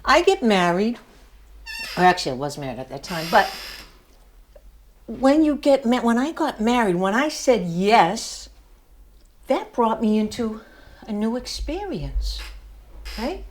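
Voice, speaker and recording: A woman's voice: on the high side, sing-song, unhurried, long pauses, a little hiss or hum. An older woman giving a motivational speech to her class, telling a story with emphasis and laughing at herself. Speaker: student speaker.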